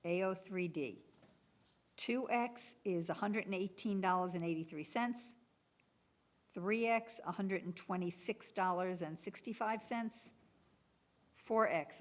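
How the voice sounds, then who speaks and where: A woman clerk for the municipality reads the bid prices and item codes at a public bid opening. Her fairly low-pitched voice is steady and businesslike.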